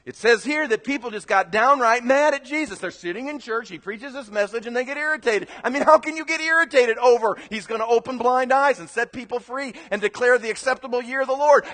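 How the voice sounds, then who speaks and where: A man preaching as pastor in a sermon, animated, swinging from quiet asides to loud emphatic bursts. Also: very high voice, in a large hall.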